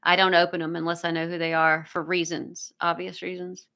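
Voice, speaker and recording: A woman's voice: on the low side, level tone, fairly quick, bright, forceful tone. A woman hosting a casual livestream, reading viewer comments aloud and thanking people effusively. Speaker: livestream host.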